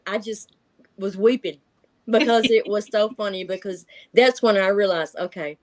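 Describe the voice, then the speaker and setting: Middle-aged woman, storytelling guest, animated, laughs a lot, middling pitch. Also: normal speed. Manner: animated, laughs often, acts out voices. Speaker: guest telling encounter stories. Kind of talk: casual storytelling chat.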